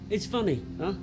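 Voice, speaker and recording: An actor with a British accent playing a brash, resentful young man who has lost his family fortune, in a video game. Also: high-pitched. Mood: bitter. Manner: swaggering, resentful, theatrical.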